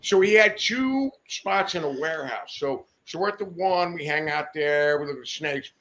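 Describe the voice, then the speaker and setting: A man's voice: fairly high pitch, lively intonation, normal speed, bright, forceful tone. A man telling a long, rambling anecdote as a guest in a podcast studio, swearing freely and breaking into laughter as he goes. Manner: swears often, rambling, laughs mid-story. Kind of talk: profane anecdotal storytelling.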